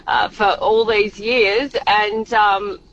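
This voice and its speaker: A woman's voice: mid-range voice, flat delivery, slow pace, slight background noise. Effusive woman calling from her car. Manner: effusive, emotional, warm praise. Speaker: TV presenter calling in. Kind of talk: talkback call-in. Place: car, driving. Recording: muffled phone line from a car.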